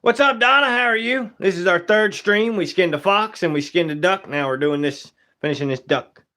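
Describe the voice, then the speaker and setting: A young man does taxidermy while chatting on a live stream, naming viewers as he greets them and joking around. His manner is easygoing, with Southern-flavored casual grammar, and his high-pitched voice is sharp at a moderate pace.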